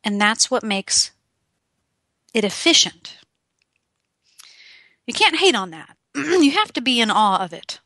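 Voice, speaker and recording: A young woman giving an animated, emphatic motivational talk and speaking directly to the listener. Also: a little high, slow pace, pauses often, dry recording, clean studio sound.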